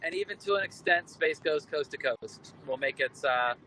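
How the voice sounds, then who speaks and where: A man in his thirties joining a chat by phone from a car, talking in an animated, jokey, rambling way. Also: on the high side, moderate pace, low-quality recording. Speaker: guest. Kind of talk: casual chat. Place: in a moving car. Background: road noise.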